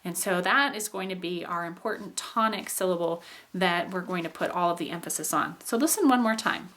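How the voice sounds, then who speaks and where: An instructor with a fairly quick, slightly bright voice on the low side teaches a recorded phonetics lesson. She explains patiently, uses frequent fillers, and acts out example sentences.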